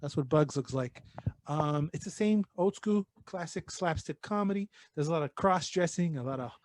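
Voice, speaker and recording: A man co-hosting a casual podcast, rambling through his thoughts with plenty of swearing and the odd bit of Spanish slang. His voice sits a little high for a man, and the recording is close and dry. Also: moderate pace, a little mellow, no room sound. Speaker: podcast co-host. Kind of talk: casual chat.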